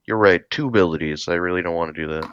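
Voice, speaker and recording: Very deep man, muffled dry call audio. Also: very fast, smooth. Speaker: guest player. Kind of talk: casual chat.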